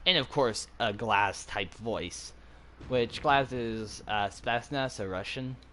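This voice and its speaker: A young man hosting a gaming channel, chatting casually with friends while he plays and bursting into excited yelps and laughs. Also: mid-range voice, slow, slight background noise. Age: young adult.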